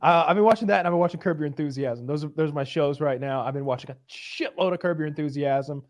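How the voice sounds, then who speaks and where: A man's voice: on the high side, fast, dry recording. A man co-hosting a casual podcast, telling stories with lots of swearing and acting out scenes in big voices between laughs. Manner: animated storyteller who acts out scenes loudly, laughing often. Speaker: podcast co-host.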